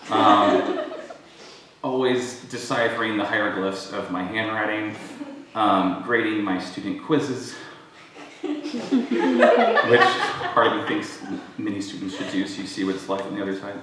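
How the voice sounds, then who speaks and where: A man, a creative writing professor, gives a joking introduction at a live reading, chuckling often and filling pauses with ums. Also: on the low side, expressive, heavy background noise. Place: event hall with audience. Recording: echoey hall recorded from far off.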